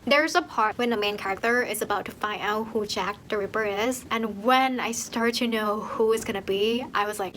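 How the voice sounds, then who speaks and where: A young woman ranting in a casual book review, animated, swearing and laughing often. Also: medium pitch, moderate pace, hardly any pauses, a little hiss or hum, poor audio. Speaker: book vlogger.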